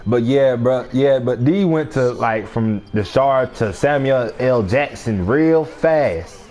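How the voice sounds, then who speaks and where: A man's voice: mid-range voice, lively intonation, takes it slowly, a little mellow. A young man telling a story in casual chat, slangy and often laughing.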